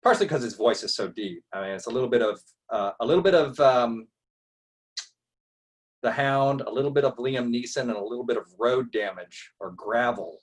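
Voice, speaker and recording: A man's voice: medium pitch, brisk. A man, a larp player, chatting eagerly on a group call and laughing often. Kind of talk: casual video call chat.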